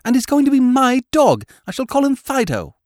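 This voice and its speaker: A man voicing a well-dressed small boy who insists on keeping a dog, in a high childlike tone. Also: very animated, normal speed, a little mellow, dry recording, clean studio sound. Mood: insistent. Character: small rich boy, stubborn and tearful.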